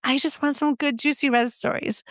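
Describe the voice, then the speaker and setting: A woman's voice: sits high, fairly even intonation, a little fast, no room sound, clean studio sound. A middle-aged woman co-hosting a podcast, chatting with enthusiasm and laughing often. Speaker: podcast co-host. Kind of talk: casual chat.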